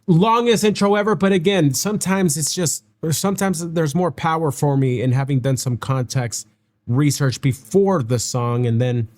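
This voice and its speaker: A man's voice: fairly high pitch, normal speed, darkish tone. A young man hosting a reaction video, chatting casually and reading notes aloud, often stumbling over names and correcting himself.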